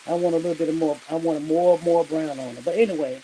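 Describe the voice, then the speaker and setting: A woman's voice: deep voice, fairly even intonation, fast, warm tone, distant mic, a little hiss or hum, low-quality recording. A middle-aged woman hosting a casual cooking livestream from her home kitchen, chatting straight to her viewers with lots of asides. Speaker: home cook livestream host.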